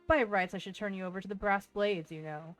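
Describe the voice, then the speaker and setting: A woman's voice: mid-range voice, fairly even intonation, a little fast, close to an everyday voice, poor audio. A bullying, greedy merchant sneers and threatens a cornered refugee, as a woman reads him out in a mid-range voice. Faint game music plays underneath. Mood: sneering.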